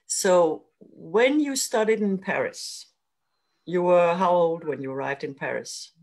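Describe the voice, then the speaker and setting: A woman's voice: lowish voice, animated, unhurried, a little mellow. A woman from Denmark interviewing a guest, asking curious, encouraging questions. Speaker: interviewer, book club moderator. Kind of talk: casual video interview.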